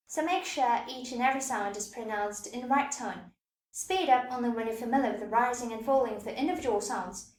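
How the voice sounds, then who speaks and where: A woman teaching Mandarin pronunciation in a scripted lesson, demonstrating tones slowly and clearly. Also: fairly high pitch, echoey room.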